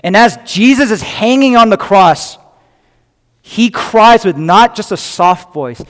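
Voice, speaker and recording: Guy preaching a sermon, kinda high voice, tells the story earnestly, big echoey hall. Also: lively intonation, takes it slowly. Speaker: pastor.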